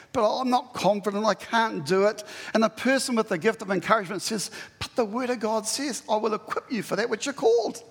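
A man's voice: high voice, a bit bright, long reverb tail. A man preaching a sermon to his church, conversational and emphatic, often acting out what people say. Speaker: pastor.

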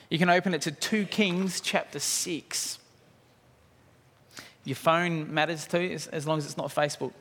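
Male preacher, high voice, animated storyteller who poses questions to the congregation; long church reverb. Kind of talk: sermon.

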